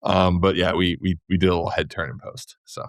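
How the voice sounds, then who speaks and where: A man in his forties, a filmmaker guest in a casual interview, telling stories in an animated way full of "like" fillers. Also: sits low, fairly quick, no echo, clean studio sound. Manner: animated storyteller, heavy "like" fillers.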